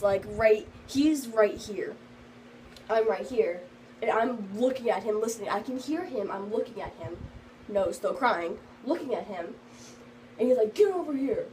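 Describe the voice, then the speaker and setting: A woman's voice: medium pitch, unhurried, a little hiss or hum, low-quality recording. A teenage girl telling a storytime vlog in a rambling, casual way, full of fillers, and slightly sick. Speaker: vlogger.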